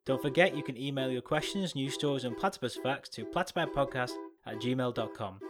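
A man's voice: mid-range voice, fairly quick, recorded from a distance, music in the background. A man co-hosting a podcast in casual comedic chat, giggly and jokey, riffing on tangents. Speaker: podcast co-host. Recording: roomy sound, away from the mic.

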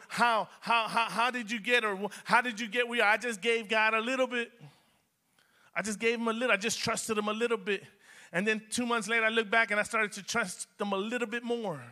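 Bright high-voiced preaching man. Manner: preaching with rising emphasis and repetition. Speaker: pastor. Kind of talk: sermon.

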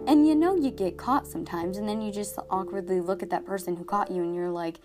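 A woman's voice: mid-range voice, brisk, hardly any pauses, music in the background. A teenage girl hosting a podcast, talking in a chatty, exaggerated comedic monologue full of "like". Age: teens. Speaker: podcast host.

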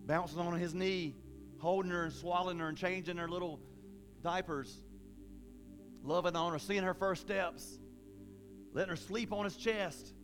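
A man preaching a sermon in a casual, folksy way, with animated bursts of emphasis. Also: high-pitched, normal speed, long pauses, music in the background.

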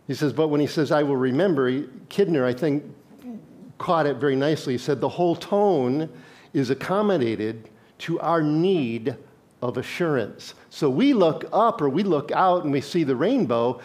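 A man's voice: fairly high pitch, lively intonation, moderate pace, a little mellow. A male pastor preaching a sermon in a conversational way, reading scripture and putting questions to his congregation.

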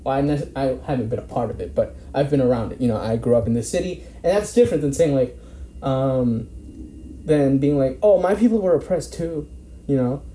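Speaking a little fast at medium pitch, this man has a dark tone as he rambles through a casual discussion. He uses lots of fillers and restarts, swears now and then, and is recorded in an echoey room with faint background noise.

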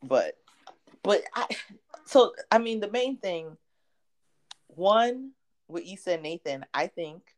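A woman chatting casually about a TV show, animated and chatty, laughing often. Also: fairly low pitch, slow pace, long pauses. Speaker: podcast co-host.

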